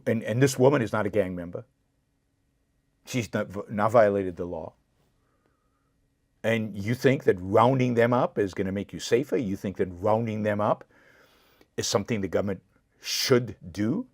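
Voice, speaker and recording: A man's voice: on the low side, moderate pace, long pauses, darkish tone, dry recording, studio quality. A man hosting his own show, giving impassioned political commentary, repeating points for emphasis and answering viewer comments directly. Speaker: show host.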